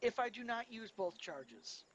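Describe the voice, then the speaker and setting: A man's voice: extremely high pitch, very animated. Brash, profane man on a noisy call. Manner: brash and profane, quick rules questions. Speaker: player. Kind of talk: casual tabletop game chat. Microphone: online voice call.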